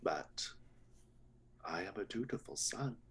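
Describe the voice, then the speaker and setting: A man voicing a tall, oily-smiling butcher's son who speaks slowly, softly and with menace in a tabletop game. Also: sits low, animated, husky, in a whisper, voice pushed up, exaggerated voice. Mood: menacing. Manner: slow, soft and menacing.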